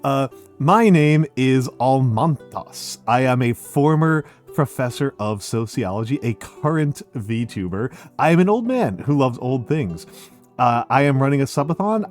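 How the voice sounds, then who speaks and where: A man's voice: medium pitch, darkish tone. A middle-aged man streaming, chatting casually with his audience, laughing often and using many fillers. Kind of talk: casual live-stream chat.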